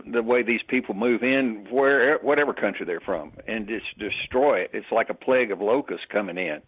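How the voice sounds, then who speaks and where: A man's voice: fairly low pitch, moderate pace, husky. A man talking in casual chat, emphatic and full of rhetorical questions. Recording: tinny phone-like line.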